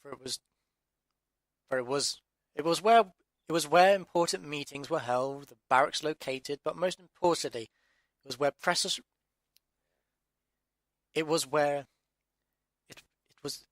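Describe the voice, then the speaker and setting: A slightly high, fairly bright voice belongs to an English man recording his own story as an audiobook, with no echo. In these outtakes he repeatedly starts over, muttering irritably to himself.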